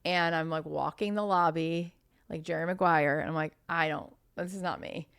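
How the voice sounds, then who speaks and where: Chatty woman telling stories, lower voice. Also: normal speed, gravelly, clean tone. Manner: chatty, animated storytelling with many "like" fillers. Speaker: podcast guest. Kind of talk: storytelling in casual conversation.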